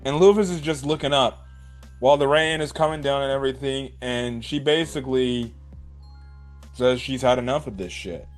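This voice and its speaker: A man giving a casual, animated recap of an anime episode, swearing and saying "like" a lot. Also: medium pitch, moderate pace, faint music behind. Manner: animated, swears, many "like"s and "right?". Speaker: anime reviewer.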